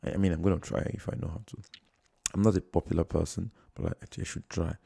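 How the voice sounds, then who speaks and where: A man's voice: low-pitched, fairly even intonation, fast talker, vocal fry, warm tone, breathy edge. A man from Nigeria with a Nigerian accent, chatting casually and rambling as he reacts to videos on a livestream from his phone. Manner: rambling, chatty, many fillers and chuckles.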